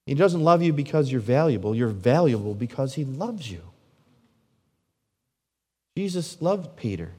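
A man, a pastor, preaching a sermon full of rhetorical questions, his voice swinging from loud and emphatic to hushed and low. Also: big pitch swings, unhurried, pauses often, husky. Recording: long reverb of a large hall.

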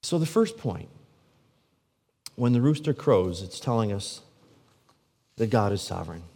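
A man, a pastor, preaching a sermon full of rhetorical questions, his voice swinging from loud and emphatic to hushed and low. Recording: long reverb of a large hall.

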